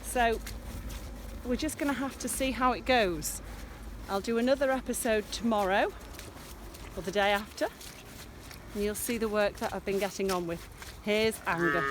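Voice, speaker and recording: A woman's voice: mid-range voice, normal speed, slight background noise. A woman showing viewers around her smallholding in a casual walking vlog. She chats in a meandering way and dotes on her animals, and she films herself outdoors in a farm field on a handheld camera. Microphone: handheld camera filming herself.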